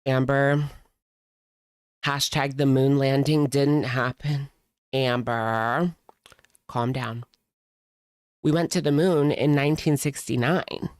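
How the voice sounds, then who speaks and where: A woman's voice: rumbling low, fairly even intonation, takes it slowly, long pauses, dry recording. A woman hosting casual reaction commentary, chatty and sarcastic, leaning on "like" as she talks close to the mic at home. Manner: sarcastic, chatty, heavy use of "like". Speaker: commentary host.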